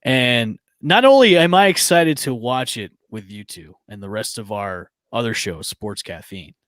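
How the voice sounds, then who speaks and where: Excitable stammering male podcast host. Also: mid-range voice, unhurried, no echo, clean studio sound. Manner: excitable, rambling, stammering restarts. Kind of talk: casual podcast chat.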